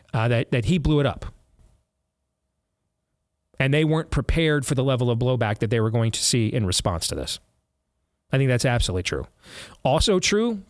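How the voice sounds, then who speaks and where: A man's voice: a little high, dry recording, studio quality. A man hosting a political talk show, speaking bluntly and sarcastically, often restarting his sentences.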